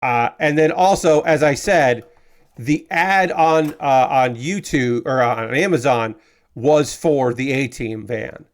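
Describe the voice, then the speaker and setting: A man's voice: medium pitch, slow pace. A man live-streaming while he builds model kits, talking casually and rambling, with lots of fillers and some swearing. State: frustrated.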